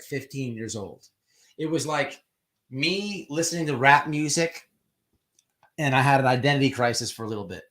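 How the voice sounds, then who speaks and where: A man's voice: mid-range voice, a bit bright. Rambling, profane man hosting a stream. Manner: profane, rambling, quick to act out quotes. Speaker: streaming commentary host. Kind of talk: casual live-stream commentary.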